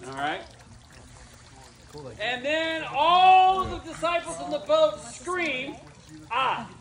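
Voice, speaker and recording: A man's voice: extremely high pitch, big pitch swings, takes it slowly, a bit bright. A man telling a Bible story to a youth club and having his listeners act it out and repeat lines. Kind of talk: animated Bible storytelling with audience acting parts. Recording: noisy crowd room. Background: crowd of teenagers echoing and laughing.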